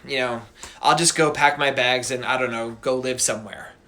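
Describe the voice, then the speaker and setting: A man's voice: medium pitch, fairly even intonation, moderate pace, bright, forceful tone, natural voice. A man voicing a scorned, vengeful sorceress who pleads, then feigns graciousness. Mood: falsely sweet.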